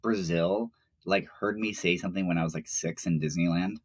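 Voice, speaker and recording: A man co-hosting a casual live morning chat with his wife, telling a story in a lively, rambling way. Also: low-pitched, moderate pace, husky, dry recording. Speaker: co-host.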